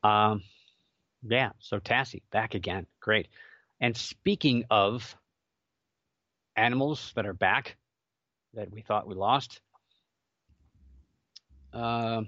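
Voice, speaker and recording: A man's voice: lowish voice, slow pace, long pauses, bright, forceful tone, no room sound, muffled recording. A man hosting a casual solo show, chatty and rambling with jokey asides and many fillers. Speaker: podcast host.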